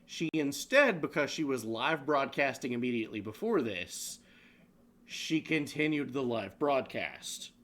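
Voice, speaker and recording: Here the co-host of a laid-back online news program talks a little slowly in a medium pitch. He's animated, cursing and laughing a lot as he rants about the clips on screen in his profane commentary.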